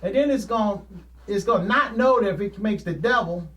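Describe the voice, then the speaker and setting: High-voiced folksy man rambling. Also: a little fast, a bit bright. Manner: folksy, plain-spoken, laughs often. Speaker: painter hosting his own show. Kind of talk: casual rambling monologue.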